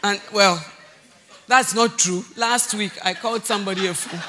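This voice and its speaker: A woman pastor preaching a sermon, animated and often laughing, shouting for emphasis and then dropping to low, earnest tones. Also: brisk, over a noisy crowd, heavy background noise.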